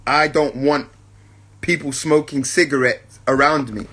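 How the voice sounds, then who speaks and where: A man with a husky, slightly high voice hosts a reflective spiritual podcast. He talks unhurriedly and repeats his points for emphasis. He keeps asking his listeners, whom he calls family, whether they follow him. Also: steady tone, a little slow, fairly bright tone. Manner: keeps checking in with listeners, addresses them as family. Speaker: podcast host.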